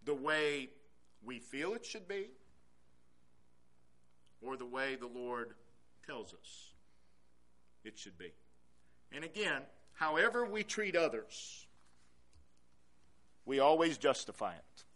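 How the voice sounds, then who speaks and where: A male pastor preaching a sermon in a church, repeating key phrases and swinging from quiet to loud. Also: medium pitch, big pitch swings, slow pace, pauses often.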